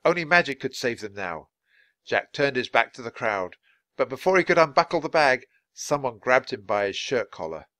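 Guy reading a kids book out loud, clear and lively, bright dry sound. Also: medium pitch, no echo. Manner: clear, expressive, measured reading for learners. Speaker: storybook reader. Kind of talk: children's book read-aloud.

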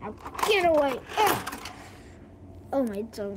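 A woman's voice: high-pitched, sing-song, slow, very noisy. A woman hosting a playful make-believe rating chat, hopping between silly character voices. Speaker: channel host voicing toy characters.

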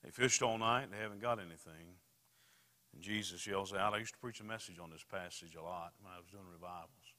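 Brief: male pastor, storytelling sermon, hushed to loud, tense bright timbre. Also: low-pitched, brisk. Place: church sanctuary. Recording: reverberant church hall.

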